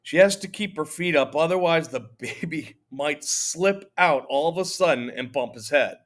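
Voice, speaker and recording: A blunt little girl who rattles on with giggly, silly notions, as a man puts her on in a storybook reading. Her voice sits high above his own and comes out loud and bright. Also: normal speed, natural voice.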